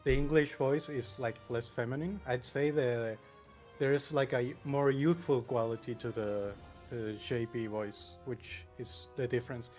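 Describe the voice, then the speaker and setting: A man's voice: mid-range voice, fairly even intonation, moderate pace, darkish tone, soft background music. A man in a casual group discussion, explaining his view carefully with frequent restarts. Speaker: podcast guest.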